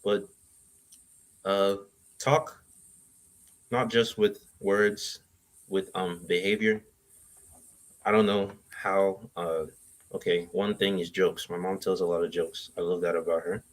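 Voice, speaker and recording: A young man speaks as a guest on a casual talk show, his voice sitting a little low. He gives his advice in a halting, rambling way, restarting his sentences as he thinks. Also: flat delivery. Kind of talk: casual chat, giving advice.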